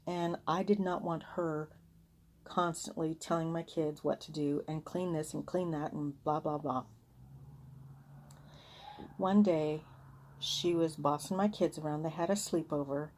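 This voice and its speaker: A woman's voice: fairly low pitch, a little mellow. A woman telling a personal story in a casual, earnest, chatty way, often acting out what people said. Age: adult with children. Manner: chatty, earnest, re-enacts heated arguments. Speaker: vlogger sharing a personal vision.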